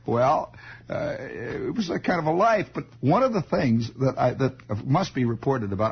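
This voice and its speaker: Very animated, husky and marked by vocal fry, this medium-pitched male voice moves at a moderate pace. He's a radio host chuckling through an improvised, digressive childhood story, captured on a dull lo-fi 1960s radio broadcast.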